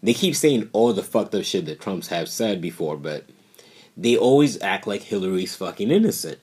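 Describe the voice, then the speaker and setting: A young man from New York ranting bluntly and profanely on his podcast, animated and outspoken. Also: lowish voice, normal speed, breathy edge. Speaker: podcast host. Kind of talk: casual political rant.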